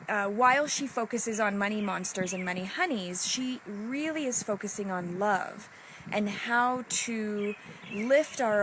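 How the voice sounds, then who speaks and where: A woman giving a live-streamed motivational talk to her group, emotional and halting, often repeating herself. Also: mid-range voice, background noise. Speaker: women's group leader.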